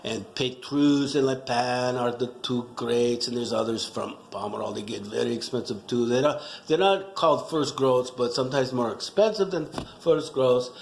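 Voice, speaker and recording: A man's voice: medium pitch, moderate pace, creaky, few pauses. A middle-aged man in a rambling, self-mocking comic rant, joking loosely as he talks about wine. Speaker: wine vlogger. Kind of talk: casual comedic rant. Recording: echoey room.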